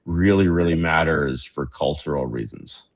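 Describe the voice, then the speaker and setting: A man with a very deep voice talks in a loose, rambling way, with lots of fillers and a dry, sardonic edge. It sounds like a casual political conversation. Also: moderate pace.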